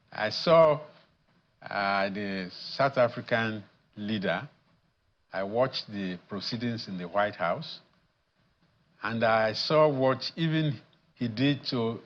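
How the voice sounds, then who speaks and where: Addressed as professor, this Nigerian guest in a studio news interview talks deliberately and measuredly, with plenty of pauses and fillers. The muffled recording carries his mid-range, slightly bright voice.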